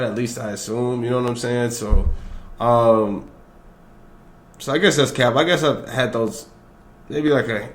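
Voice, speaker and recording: A man's voice: medium pitch, fairly bright tone. A man co-hosting a reaction video, talking loosely in casual chat, slangy and profane and full of fillers. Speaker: co-host.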